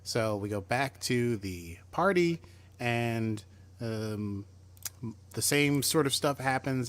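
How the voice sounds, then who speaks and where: Chatty and medium-pitched, this man co-hosts a podcast and retells a TV episode in a casual conversation, performing the characters' lines as he goes.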